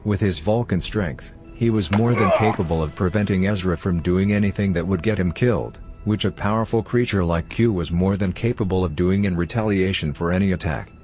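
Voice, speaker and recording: A man reading a story aloud as narrator in a steady, even manner. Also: low voice, brisk, hardly any pauses, soft background music. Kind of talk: fan fiction audiobook reading.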